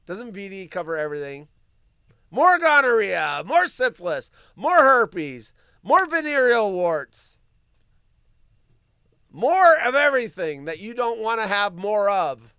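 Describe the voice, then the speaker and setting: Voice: mid-range voice, sing-song, unhurried, sharp tone, clean tone, no echo, clean studio sound. A live stream host doing solo commentary, ranting with profanity, mocking asides and laughter while reading the news aloud.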